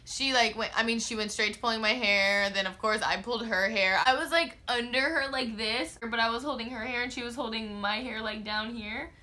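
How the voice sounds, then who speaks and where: Talking a little fast with hardly any pauses, this fairly high-pitched young woman vlogger spins a casual, slangy, profane storytime. Filler words abound, and she performs her quoted lines expressively.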